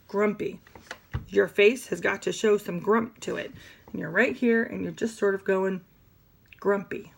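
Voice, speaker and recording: A woman teaching sign language vocabulary in an animated, demonstrative way, with playful asides. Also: medium pitch, gravelly. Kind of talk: classroom lesson.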